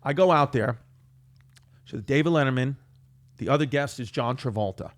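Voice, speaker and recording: A man from Queens, a comedian guest telling a story in an animated, self-mocking way. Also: mid-range voice, normal speed. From New York, Queens. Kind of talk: storytelling on a talk show.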